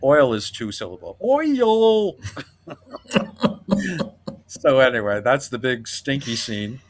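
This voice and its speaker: A man's voice: mid-range voice, slow. A man hosting a podcast, chatting casually and laughing often as he retells scenes. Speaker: podcast host. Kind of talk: casual chat.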